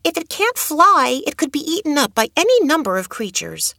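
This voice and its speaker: An eager, kind little girl with a high, springy voice, as a woman reading a storybook puts her on. The voice leaps far above the reader's own and jumps lively up and down, and the sound is close and dry. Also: a little slow, creaky, dry recording, heavily acted. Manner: bright, eager, high childlike voice.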